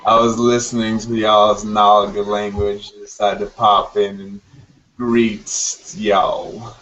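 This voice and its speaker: A man's voice: lowish voice, little pitch movement, slow pace, fairly bright tone, lo-fi sound. A man from Texas with a Texan accent, laid-back and drawling in a casual group call. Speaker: call guest.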